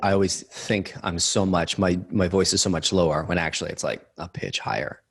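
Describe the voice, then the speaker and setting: A man with a deep, low voice co-hosts a podcast. He chats casually with his guest, relaxed and self-deprecating. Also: brisk, husky. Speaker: podcast co-host. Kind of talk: casual interview chat.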